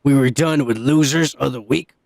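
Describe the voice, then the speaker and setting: A man co-hosting a casual podcast, ranting loudly with heavy swearing. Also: mid-range voice, moderate pace, gravelly, no room sound, studio quality. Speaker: podcast co-host. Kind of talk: profane casual podcast banter.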